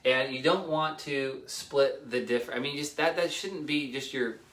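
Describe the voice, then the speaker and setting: A man giving casual real estate negotiation tips, energetic, repeating himself and acting out little dialogues. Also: medium pitch, unhurried, reverberant. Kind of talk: casual talk to camera.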